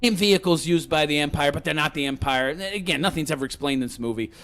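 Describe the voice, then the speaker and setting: A man with a somewhat high voice rants about a film in a sarcastic, rambling way. He stumbles over restarts and fillers as he talks. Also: fast talker, fairly bright tone. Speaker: film reviewer. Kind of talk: casual rambling movie rant.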